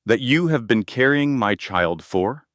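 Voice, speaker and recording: A man voicing a wealthy male crime boss who speaks coldly and deliberately, hurt beneath his fury. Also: medium pitch, animated, fairly bright tone, dry recording, studio quality, pitched above the performer's own voice. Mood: cold, demanding. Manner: cold, deliberate, demanding.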